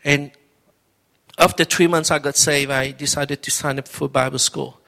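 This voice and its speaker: Middle-aged man, pastor giving a personal testimony sermon; earnest and conversational, repeats himself, pitched a bit high. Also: steady tone, moderate pace, vocal fry, pushed and bright.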